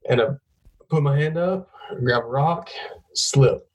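A young man chats casually, spinning rambling, profane stories. His voice sits at a middling pitch for a man. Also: takes it slowly, poor audio. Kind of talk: casual chat.

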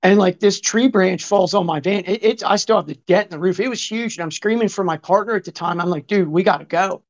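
A man in his fifties tells a long, rambling story in casual conversation, swearing and packing in asides and quoted remarks. His voice is high and fast, and the recording is dull and lo-fi.

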